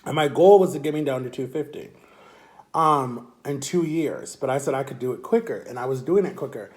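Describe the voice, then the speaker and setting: A young man telling a long personal story to his camera in a rambling, repetitive, animated way. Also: mid-range voice, a little fast. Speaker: vlogger.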